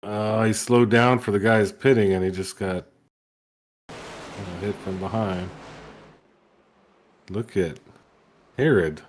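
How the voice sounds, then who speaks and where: Low-voiced joking male race commentator. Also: fairly even intonation, slow, pauses often. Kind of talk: casual sim racing commentary.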